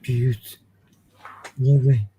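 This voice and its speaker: A man co-hosting a live stream, giving casual, warm, appreciative remarks. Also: medium pitch, fairly even intonation, slow pace, breathy edge, highs cut off. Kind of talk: casual chat.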